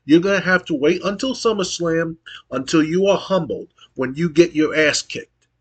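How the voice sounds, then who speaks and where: An arrogant male wrestling boss read by a man in a game playthrough, dismissive and scolding. The voice is a touch high. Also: moderate pace, husky.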